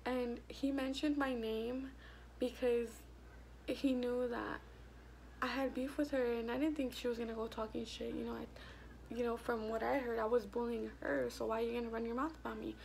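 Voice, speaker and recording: Profane young woman with a gravelly edge. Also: on the high side, moderate pace, a little hiss or hum. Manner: blunt, profane and animated. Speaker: vlogger. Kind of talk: casual storytime.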